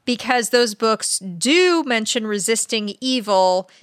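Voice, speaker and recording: A woman's voice: fairly high pitch, animated, no room sound, clean studio sound. Playful American woman podcaster. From United States. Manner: playful, quick to laugh. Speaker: podcast co-host. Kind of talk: casual chat.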